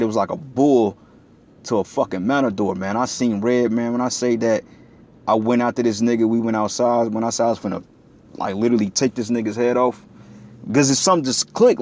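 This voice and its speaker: A man's voice: mid-range voice, fairly quick, a little mellow. A man giving a preaching commentary, talking blunt and profane in a street style that gets heated. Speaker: religious video commentator.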